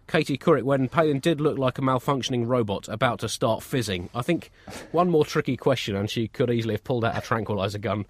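A man's voice: medium pitch, quick pace, few pauses. A man co-hosting a satirical comedy show, delivering dry, absurdist jokes. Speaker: comedy co-host.

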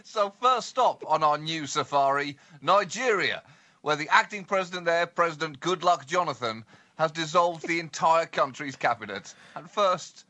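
A man co-hosting a comedy podcast, with animated, mock-indignant comic delivery. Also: a little high, moderate pace. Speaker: co-host.

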